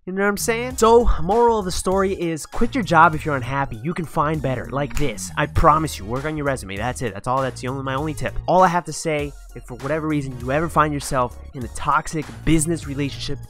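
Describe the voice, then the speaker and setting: Young man, vlogger, bright voice, slangy emphatic rant, faint music behind. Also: on the high side, fast talker, hardly any pauses. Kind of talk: storytime rant.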